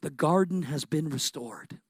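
A man preaching a sermon with passion, his delivery rising to excited peaks and dropping to quiet, intimate moments. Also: a little high, a little slow, husky, no room sound. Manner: impassioned, building to excited peaks.

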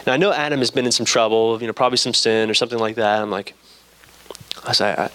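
A man's voice: medium pitch, fast, fairly bright tone. A young man preaching a sermon in a casual, storytelling way, acting out conversations with friends. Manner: casual storytelling, acts out dialogue.

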